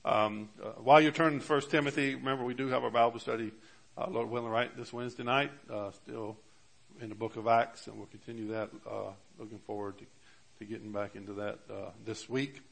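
A man's voice: medium pitch, fairly even intonation, fairly quick, creaky, fairly bright tone. A man preaching a sermon as pastor, with emphatic rises on key words and many fillers and restarts. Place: church.

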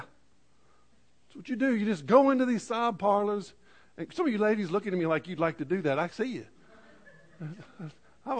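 Brief: a man delivering a dramatic sermon in church, higher-pitched, stammering restarts. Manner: dramatic scripture reading with lively asides and stammered restarts. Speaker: preacher. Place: church in front of a congregation.

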